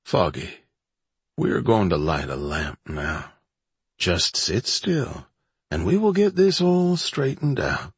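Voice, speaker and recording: A man doing a calm, coaxing gunman in a Western audiobook, speaking slowly and soothingly. The voice is deep and husky, close and dry. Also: no echo, full character voice.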